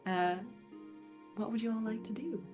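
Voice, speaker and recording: A woman narrating a tabletop role-play game as game master, in a lively, bustling way. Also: fairly high pitch, moderate pace, faint music behind.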